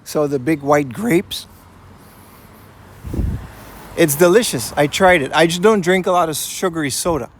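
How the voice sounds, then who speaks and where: A man's voice: a little high, unhurried, long pauses, a little hiss or hum. A man streaming live while he walks outdoors on city streets. He chats casually and reads out and answers his chat in a laid-back way, often saying "man" and "you know". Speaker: IRL streamer. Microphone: portable streaming rig carried while walking.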